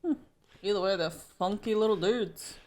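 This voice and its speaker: A woman's voice: medium pitch, normal speed, a little mellow. A woman co-hosting a podcast, bantering in a teasing, profane, bubbly way. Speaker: podcast co-host. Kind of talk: casual banter.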